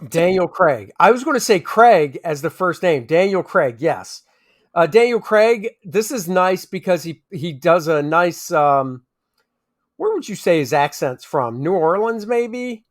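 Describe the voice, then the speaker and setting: Man, fairly high-pitched voice, casual movie chat, rambling, restarts sentences. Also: animated, unhurried. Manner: rambling, often restarts and gropes for names. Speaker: movie review podcast co-host. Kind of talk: casual conversational movie review.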